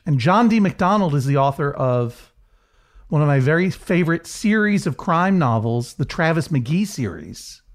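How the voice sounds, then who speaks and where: A man's voice: fairly high pitch, big pitch swings, moderate pace. A man co-hosting a podcast in casual chat, rambling with many restarts. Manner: rambling, chatty, lots of restarts. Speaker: podcast co-host.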